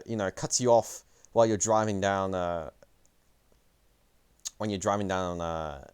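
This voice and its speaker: A man's voice: low voice, clean tone. A young man streaming commentary on a match, rambling, profane and self-deprecating. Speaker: esports player and streamer. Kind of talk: livestream commentary.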